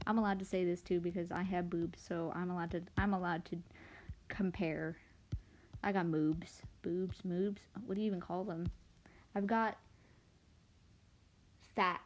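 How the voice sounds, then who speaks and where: There's slight background noise as this young artist, in her late teens, talks in a mid-range voice while drawing live. Chatty and self-deprecating, she rambles through stories with lots of rise and fall in her tone.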